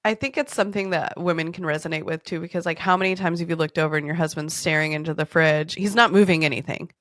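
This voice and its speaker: A woman's voice: deep voice, steady tone, fast, fairly bright tone, no room sound, studio quality. A woman in her thirties hosting a podcast, telling stories in a candid, swearing, laughing way. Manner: candid, profane, laughing storyteller. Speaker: podcast host. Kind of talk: casual storytelling chat.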